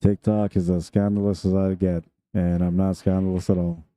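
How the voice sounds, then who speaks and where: A man's voice: low-pitched, flat delivery, normal speed, mellow, no echo. A man commentating a pool tournament live stream, chatty and jokey, laughing often between remarks.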